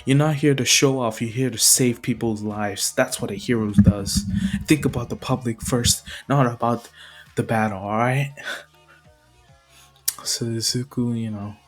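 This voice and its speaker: A man's voice: mid-range voice, measured pace, soft background music. A man casually retelling a fan story, rambling with many fillers and chuckles. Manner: rambling, full of fillers and laughs.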